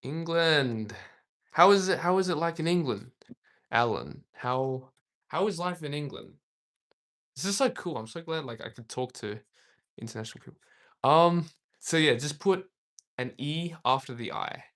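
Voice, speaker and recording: A man's voice: a little high, animated, normal speed, pauses often, a bit bright. A young man from Australia, casually chatting on a livestream, rambling and reading viewer comments aloud with frequent laughs. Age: young adult. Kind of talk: casual live-stream chat.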